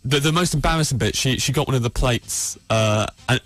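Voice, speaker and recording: A man's voice: mid-range voice, a bit bright. A young man with an English Midlands accent, telling a rambling comic story on the radio, full of fillers and restarts. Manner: rambling, halting storytelling with frequent fillers and self-interrupting restarts. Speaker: comedian guest telling a story. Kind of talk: radio comedy anecdote.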